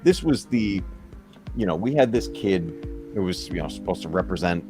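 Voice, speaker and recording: A man's voice: low-pitched, expressive, moderate pace. A man hosting a live stream and chatting casually. He rambles with nostalgia and often chuckles. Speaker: stream host. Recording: music playing under the voice.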